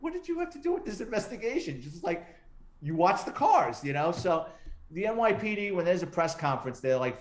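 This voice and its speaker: Animated storytelling man, roomy echo. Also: medium pitch. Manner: animated, acts out quoted voices. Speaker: retired police detective and author, interview guest. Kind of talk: casual storytelling interview.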